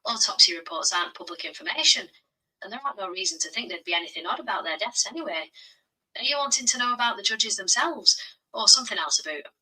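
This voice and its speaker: Bright breathy ai lady voice, black country accent, says bro a lot, sounds far off from a speaker. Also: mid-range voice, expressive, fast. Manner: friendly, slangy, says bro. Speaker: AI voice assistant. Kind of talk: chatty AI assistant replies.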